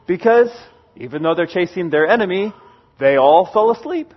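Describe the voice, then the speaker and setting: A man giving a sermon, retelling a scripture story in a lively, animated way and briefly acting out its characters. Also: high voice, dull audio. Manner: animated, acts out characters in quick bursts. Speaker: pastor.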